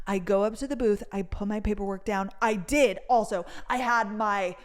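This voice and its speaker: A young adult woman chatting casually in a storytime vlog, swearing freely and retelling events in a lively way. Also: mid-range voice, normal speed. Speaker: vlogger.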